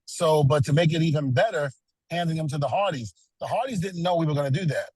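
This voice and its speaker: A middle-aged man talks as an interview guest, relating personal stories earnestly and peppering them with "you know." His voice sits a little high for a man. The sound is dry and close. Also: fast talker, darkish tone, slightly rough, dry recording, rough recording. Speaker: guest, retired pro wrestler. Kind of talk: casual interview.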